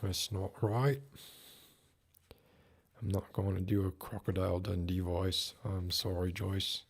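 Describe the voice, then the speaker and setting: A man's voice: low-pitched, steady tone, measured pace, breathy edge. A man hosting a live stream, reading a classic story in a formal Mid-Atlantic voice and breaking off to chat casually. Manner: reads in a formal put-on Mid-Atlantic voice, then chats casually. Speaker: streamer and host.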